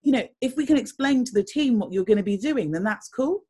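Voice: medium pitch, expressive, brisk, a little mellow, husky. Rambling casting director giving advice. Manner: thoughtful, rambling, with many fillers and restarts. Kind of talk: casual interview answers.

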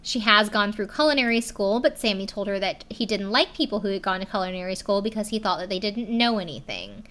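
Young woman, bright tone, chatty casual recap, heavy "like" fillers, casual swearing. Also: mid-range voice, lively intonation, brisk, few pauses. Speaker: video recapper.

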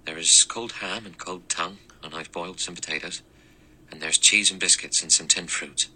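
A man voicing an anxious, deferential middle-aged manservant who speaks in a low murmur. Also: steady tone, moderate pace, pushed and bright, slightly rough, full character voice, rough recording.

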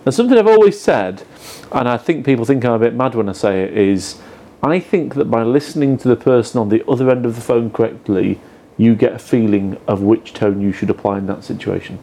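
A man's voice: mid-range voice, lively intonation, fairly quick, warm tone. A man co-hosting a casual chat about sales, giving blunt opinions and swearing casually. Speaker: podcast co-host.

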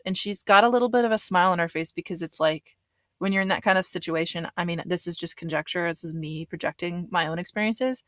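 A woman's voice: on the low side, brisk, no echo. Blunt, swearing woman recapping a show. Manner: blunt and swearing, full of fillers. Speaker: reaction commentator. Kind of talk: casual recap commentary.

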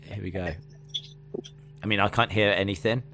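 A man's voice: on the low side, steady tone, normal speed, fairly bright tone, a little hiss or hum. A British man co-hosting a casual stream chat, playful and jokey, often slipping into silly bits. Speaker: co-host.

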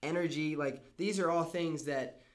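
A man hosts a podcast in a relaxed, conversational voice. He asks easy questions and backs up his guest with short agreements. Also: on the high side, normal speed, crowd noise. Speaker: podcast host. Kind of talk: casual podcast interview.

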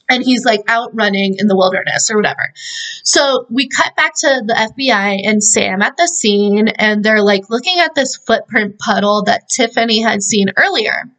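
Chatty, rambling woman with a higher voice. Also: fairly bright tone. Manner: rambling and profane, heavy use of "like". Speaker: podcast host recapping a film. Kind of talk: casual chat.

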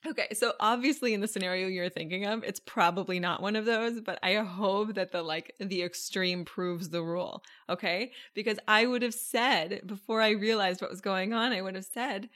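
A woman's voice: medium pitch, moderate pace, a bit bright. A woman hosting a podcast, coaching listeners in a casual monologue full of rhetorical questions and frequent laughs. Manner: conversational, laughs often, asks rhetorical questions. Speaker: podcast host and relationship coach.

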